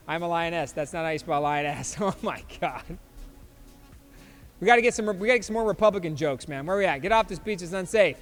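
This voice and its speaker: A man in his fifties hosts a casual podcast. His voice sits high, and he keeps chuckling as he reacts to memes. A long reverb hangs on his voice, with faint music underneath. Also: a bit bright. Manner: chuckling, loose and joking. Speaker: podcast host.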